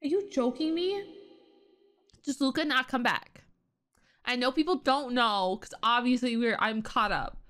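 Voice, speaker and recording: Slow-talking, high-voiced young woman vlogger. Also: a bit bright. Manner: emotional, laughing through upset, thinking aloud. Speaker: reaction vlogger. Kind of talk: emotional reaction commentary.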